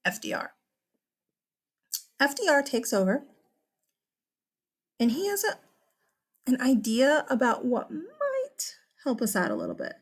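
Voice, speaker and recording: A young woman with a Texan accent, teaching a recorded history lesson in a chatty, animated, exclamatory way. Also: sits high, measured pace, long pauses, husky.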